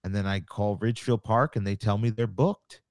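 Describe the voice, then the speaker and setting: A man's voice: on the low side, steady tone, normal speed, darkish tone, no echo, studio quality. A man, a wrestling promoter, telling a story in a casual podcast chat, acting out phone calls and swearing casually. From New York.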